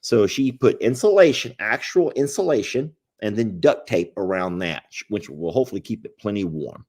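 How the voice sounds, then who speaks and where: A man's voice: lowish voice, expressive, moderate pace, darkish tone. A man hosting a casual livestream, folksy and playful, rambling with restarts. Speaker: animal sanctuary owner, livestream host.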